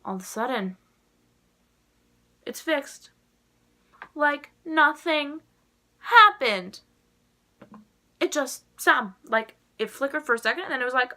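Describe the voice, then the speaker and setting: A woman's voice: sits high, sing-song, slow, long pauses, bright, forceful tone. A young adult woman chatting casually to camera in a rambling way, full of "like" fillers. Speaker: vlogger.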